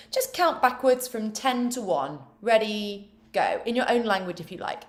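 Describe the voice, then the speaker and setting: A woman leading an online choir warm-up, giving voice exercises with playful, self-mocking asides. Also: mid-range voice, animated, moderate pace, hardly any pauses. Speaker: choir vocal coach. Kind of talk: online vocal warm-up instruction.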